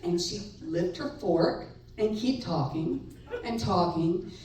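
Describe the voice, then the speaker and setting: A middle-aged woman telling a personal story live on stage, wry and animated, laughing between lines. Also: fairly low pitch, slow pace. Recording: echoey room, far mic, faint noise.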